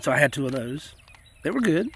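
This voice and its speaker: A man with a slightly high voice talks in a loose, rambling way, calling his viewers y'all. He is recording outdoors on a farm near his chickens, with faint rural noise in the background. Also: big pitch swings, a little fast, vocal fry, fairly bright tone. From South Carolina. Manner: folksy and chatty, says y'all a lot. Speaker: homesteading channel host. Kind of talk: casual rambling chat.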